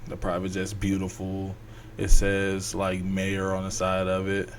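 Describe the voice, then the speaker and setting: A man's voice: deep voice, completely flat delivery, slight background noise. Rambling man telling a story. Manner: rambling, acts out characters' lines in quick voices. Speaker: podcast host. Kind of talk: casual storytelling.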